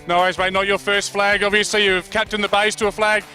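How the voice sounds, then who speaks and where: A man's voice: high voice, level tone, fast talker, bright, forceful tone, soft background music. An Australian man doing post-match interviews on the sideline, with jokey, upbeat banter.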